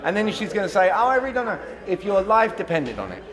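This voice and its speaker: A man giving a blunt, animated sales-training talk to a live audience, acting out both sides of conversations. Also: sits high, fast talker, crowd noise.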